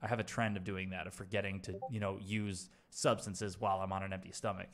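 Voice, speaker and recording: A young man with a fairly low voice tells a rambling story in loose, casual chat. He swears often, restarts his sentences and laughs at his own misadventure. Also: little pitch movement, fast talker, crowd noise. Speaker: streamer telling a story.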